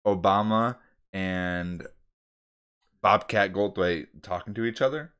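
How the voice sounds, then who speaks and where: Man, very low voice, casual, rambling, self-deprecating. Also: slow pace, a bit bright, clear, resonant tone. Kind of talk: casual chat.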